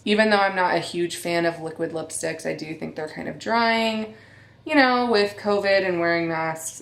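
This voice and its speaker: A woman's voice: fairly low pitch, vocal fry, echoey room. A woman in her thirties, a beauty vlogger chatting candidly to viewers at home. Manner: chatty, candid, addresses viewers as you guys. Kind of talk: casual chat.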